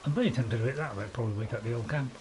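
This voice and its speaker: A very fast-talking British host with a mid-range voice keeps up chatty, self-mocking let's-play commentary and laughs often. The poor audio carries crowd noise and a nearby barking dog.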